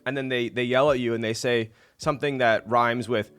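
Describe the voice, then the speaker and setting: A man's voice: medium pitch, fairly even intonation, a little fast, a bit bright, clear, resonant tone, faint music behind. Laid-back, rambling young streamer guy. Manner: laid-back, rambling, laughs often, reads chat aloud. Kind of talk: casual live-stream chat.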